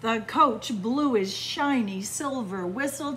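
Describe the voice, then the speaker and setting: A woman children's librarian reading a picture book aloud, in a slow, animated storytelling manner. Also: mid-range voice, a little hiss or hum.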